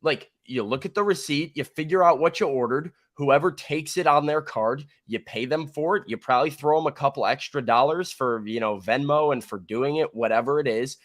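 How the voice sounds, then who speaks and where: A man's voice: on the high side, normal speed, few pauses, no room sound, studio quality. A man co-hosting a sports podcast, giving blunt opinions in casual conversation. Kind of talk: casual chat.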